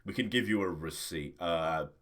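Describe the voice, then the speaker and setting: A man's voice: low voice, normal speed, a bit bright. A man running a tabletop game over a stream, flustered and laughing at technical trouble. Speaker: game master.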